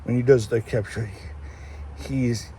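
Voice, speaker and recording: A man's voice: medium pitch, fairly even intonation, measured pace, dark tone, a little hiss or hum. A man chatting casually in a walking vlog, rambling and restarting often, recorded on a handheld phone outdoors. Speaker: vlogger. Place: outdoors, walking through town.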